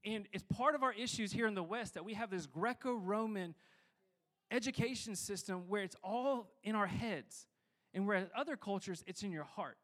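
A man's voice: sits high, normal speed, a bit bright. A young man giving a sermon as a pastor, talking casually and rambling with lots of fillers.

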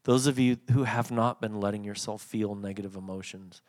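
A man preaching a sermon, swinging from loud emphatic passages to soft, quiet readings. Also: fairly low pitch, steady tone, a little fast. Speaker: pastor.

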